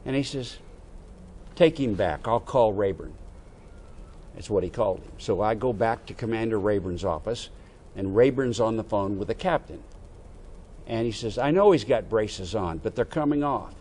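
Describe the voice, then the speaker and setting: An older American man, a veteran, telling a lively story from his youth and acting out the dialogue. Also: on the low side, normal speed, slight background noise. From United States. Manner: animated anecdote-telling with quoted dialogue. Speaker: veteran interviewee. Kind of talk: oral history storytelling.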